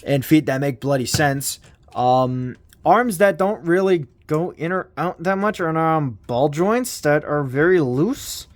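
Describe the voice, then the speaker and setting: Male toy reviewer, slightly high voice, slow and rambling, self-deprecating, casual swearing. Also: lively intonation.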